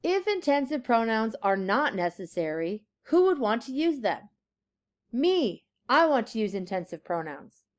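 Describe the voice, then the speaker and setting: A woman teacher giving a classroom grammar lesson, slowly stressing key words and reading example sentences aloud. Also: a little high, very animated.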